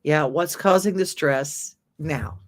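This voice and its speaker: A woman's voice: sits low, slow pace. A woman hosting a talk show who tells little stories, reads out viewer comments and affirms her co-host.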